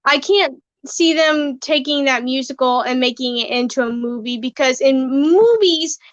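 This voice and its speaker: A woman's voice: sits high, measured pace, no echo. A woman co-hosting a casual chat, chiming in chattily and eagerly. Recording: dry, slightly dull audio.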